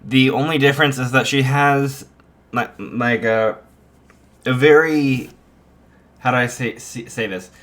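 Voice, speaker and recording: A man's voice: medium pitch, a little slow, pauses often, fairly bright tone. A man improvising a fan story, rambling with many fillers and restarts. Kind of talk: improvised fan fiction narration.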